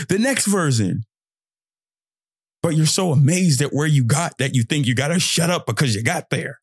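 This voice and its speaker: Slangy young man with a gravelly voice. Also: measured pace, dry recording, clean studio sound. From Fort Worth, Texas. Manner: loose, slangy and animated, jumps into high mocking voices for quoted thoughts. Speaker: podcast host. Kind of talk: solo motivational podcast monologue.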